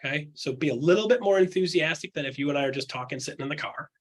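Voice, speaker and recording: Husky, punchy real estate coach. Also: male voice, a little high, very fast. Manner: acts out quotes in other voices; punchy, rhetorical questions. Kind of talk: candid coaching chat.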